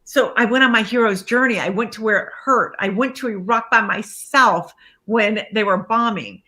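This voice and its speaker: A woman, a life coach, being interviewed and telling her story in a lively way, acting out the lines of people she quotes. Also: on the high side, moderate pace.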